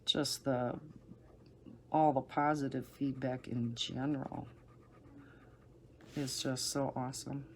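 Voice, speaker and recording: A middle-aged woman with a low, soothing voice, chatting casually and rambling with soft laughs while she colors. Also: flat delivery, slow, pauses often, slight background noise. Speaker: coloring channel host.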